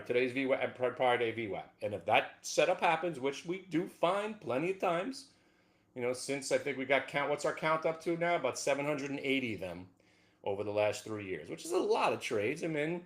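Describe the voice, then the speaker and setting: Man, trading show host, animated, pitch leaping from mutter to shout. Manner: excitable, swings from low mutter to whooping shouts. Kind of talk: animated trading talk over charts.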